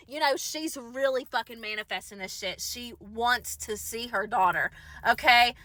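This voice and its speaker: A woman telling a ghost story casually, animated and profane, checking in with her listeners as she goes. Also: a little high, dry recording.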